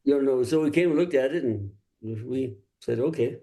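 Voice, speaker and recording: An older male singer-songwriter from Los Angeles, telling stories in a relaxed interview and laughing often. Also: medium pitch, moderate pace. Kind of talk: casual interview talk.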